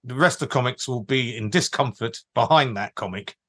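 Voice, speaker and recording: Male podcast co-host, wry and relaxed, voice getting hoarse, mid-pitched. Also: a little fast. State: losing his voice. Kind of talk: casual podcast chat.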